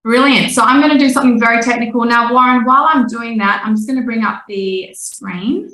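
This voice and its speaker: A woman's voice: fairly high pitch, fairly quick, a bit bright, reverberant, distant mic, poor audio. A woman co-hosting a webinar, upbeat and keeping things moving. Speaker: webinar co-host.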